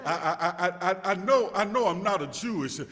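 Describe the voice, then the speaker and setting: A male pastor preaching a sermon, restarting words in stammering repeats and rising to shouts as he calls out to his congregation. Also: sits high, expressive, normal speed. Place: church sanctuary. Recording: long reverb of a church hall.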